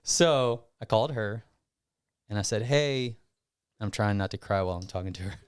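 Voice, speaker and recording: Male podcast guest, lowish smooth voice, dry close sound, rambling storyteller. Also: normal speed, no room sound. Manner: rambling, animated retelling with self-quotes. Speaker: gym owner guest.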